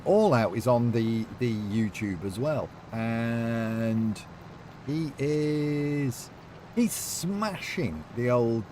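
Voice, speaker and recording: Streaming a farming game, a man chats loosely with viewers, reading their messages aloud and rambling with lots of fillers. His mid-range voice is a little mellow, and there's a faint hiss or hum.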